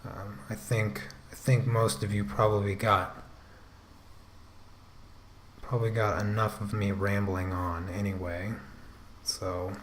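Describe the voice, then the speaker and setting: Slow, low-voiced man drawing and musing. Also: a little hiss or hum. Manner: relaxed, rambling, talks to himself while working; self-deprecating asides with frequent restarts. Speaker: artist and channel host. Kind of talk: casual running commentary while drawing on a livestream.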